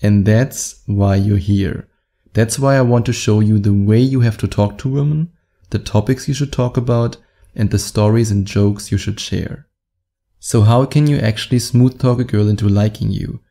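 A man with a low, mellow voice that has a steady gravelly rasp underneath. He coaches his viewers directly, laying out advice in a slow, deliberate, instructive way. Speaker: dating coach. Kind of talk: direct-to-camera advice monologue.

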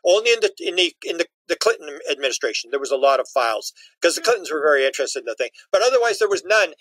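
Male interview guest: quick, high-pitched, emphatic storyteller, dry close sound. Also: big pitch swings, a bit bright, slightly rough, dry recording, low-quality recording. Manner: emphatic, acts out quotes in voices.

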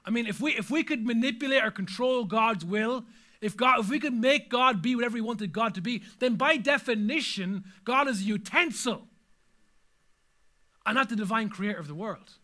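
Bright high-voiced male preacher. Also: moderate pace. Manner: dramatic, swings from loud panicked cries to hushed low asides. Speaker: pastor. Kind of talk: sermon. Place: church hall with a congregation.

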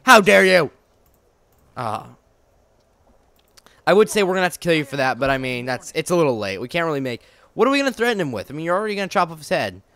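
A man hosting a let's play, excitable and joking, talking back at the game's characters as he plays. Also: a little high. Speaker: gaming channel host.

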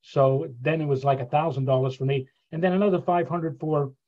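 An older man telling animated stories on a video call, with frequent restarts, speaking as a guest speaker. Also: on the high side, fairly quick, dull audio. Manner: animated raconteur, many restarts.

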